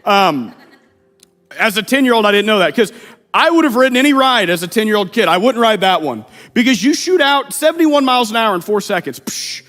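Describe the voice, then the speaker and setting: Thirties male pastor from Missouri, bright high register, humorous sermon storyteller, recorded in a big echoing sanctuary. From Missouri, USA. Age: 30s. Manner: lively, humorous storytelling with playful asides. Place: church sanctuary. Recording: long reverb of a church hall.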